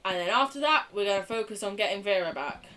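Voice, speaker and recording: Lively, jokey young woman streamer. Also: mid-range voice, fast talker, distant mic, a little hiss or hum. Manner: jokey, swears freely, reacts out loud. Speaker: game streamer. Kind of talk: casual let's-play commentary.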